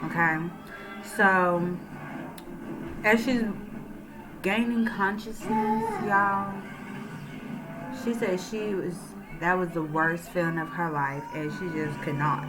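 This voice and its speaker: A woman telling a true crime story like she is chatting with friends, loose and conversational with fillers. Her voice sits on the low side, and music plays steadily underneath. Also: expressive, takes it slowly, long pauses, rough recording. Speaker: storyteller, channel host.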